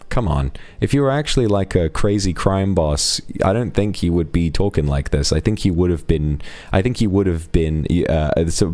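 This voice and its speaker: A young man with a deep, darkish voice streams live, thanking donors and bantering frankly and teasingly with chat. The recording is dry.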